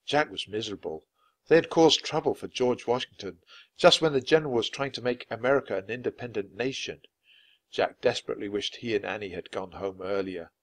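A man reading a children's chapter book aloud clearly and expressively for language learners. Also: mid-range voice, dry recording. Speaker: storybook reader.

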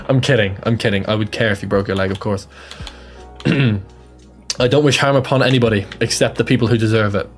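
A man's voice: on the low side, expressive, a little fast, long pauses, soft background music. A young Irish man giving casual, jokey live commentary on a game, self-deprecating and chatty. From Ireland. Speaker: streamer.

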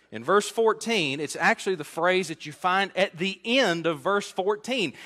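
A man's voice: high voice, bright, forceful tone. A male pastor preaching an expository sermon in a conversational way, often putting questions to his congregation. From United States.

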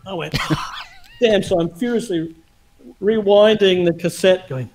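A man telling a story in casual chat over a video call, animated and laughing often as he acts out dialogue. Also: high voice, moderate pace, low-quality recording.

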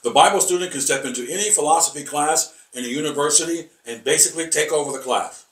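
A man teaching a rambling Bible lesson, halting and repeating words with many fillers, emphatic and combative. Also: a little high, a bit bright. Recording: echoey room, voice from far off.

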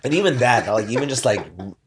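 A man's voice: mid-range voice, animated, fast talker, slight background noise. Chatty man telling a story. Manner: loose, filler-heavy, swears freely. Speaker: podcast guest, dancer. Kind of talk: casual storytelling chat.

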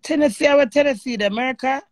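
Speaking fast in a high voice, a Jamaican-accented woman runs a live stream and takes callers. She gets emotional and animated, cursing freely in patois. There's no echo.

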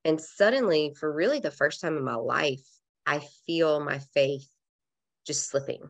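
Speaking a little slowly in a strikingly deep, low voice, a female podcast guest opens up about a painful experience. Her manner is candid, emotional, and conversational, with "like" sprinkled throughout.

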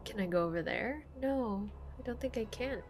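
A young woman hosting a let's play, excitable and gasping, cooing over the game's cat. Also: fairly high pitch, normal speed, faint music behind. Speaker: gaming channel host. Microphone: desk condenser microphone.

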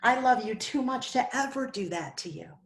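A woman's voice: a little high, lively intonation, normal speed, gravelly, reverberant, pitched above the performer's own voice. A woman voicing Peter as an eager, devoted grown man who speaks earnestly and insistently in a children's Bible story.

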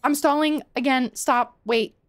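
A woman's voice: high-pitched, steady tone, unhurried, dry recording, studio quality. A woman live-streaming a game, chatting to viewers, swearing freely and laughing often.

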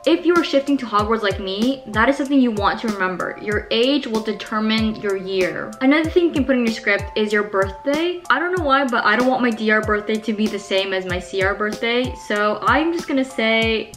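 A woman's voice: fairly high pitch, animated, brisk, few pauses, over music. A young Canadian woman with a Canadian accent, explaining things step by step in a friendly, casual tutorial vlog. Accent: Canadian English. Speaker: vlogger.

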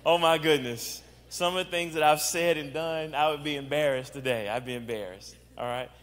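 A man's voice: on the high side, moderate pace, a bit bright. A man preaching a casual, joking sermon on dating to a congregation, asking them questions. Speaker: guest preacher. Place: church sanctuary. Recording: long hall reverb.

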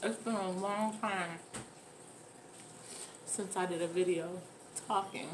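A woman's voice: medium pitch, fairly even intonation, takes it slowly. A woman chats through a meal for her viewers, talking with her mouth full between bites. Her voice sits in an ordinary middle range, loose and conversational. A faint background hiss sits under the recording. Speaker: mukbang host. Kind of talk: casual eating chat to camera. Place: at home with children nearby.

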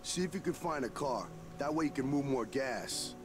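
A man's voice: medium pitch, animated, normal speed, lightly acted. A man voicing a brusque male survivor giving orders. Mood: urgent. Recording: game audio with music behind.

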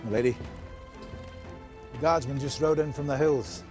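An actor playing a burly, no-nonsense master-at-arms with a northern English accent, reporting briskly. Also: male voice, medium pitch, fairly even intonation, over music, close to an everyday voice. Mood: urgent.

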